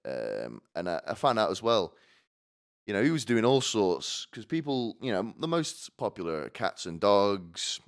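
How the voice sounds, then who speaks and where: His lowish voice has a sing-song lilt, a clean tone, and a slightly slow pace. Ranting alone on a live stream in stand-up fashion, he's provocative and rambling, swearing, throwing in asides, and asking "right?"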